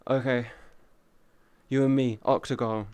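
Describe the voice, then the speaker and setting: Slow, clear-voiced man streamer cursing playfully. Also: medium pitch, fairly even intonation, darkish tone, no echo. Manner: crude, profane, joking banter; greets and thanks chat viewers. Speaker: VR livestreamer. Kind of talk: casual livestream chat.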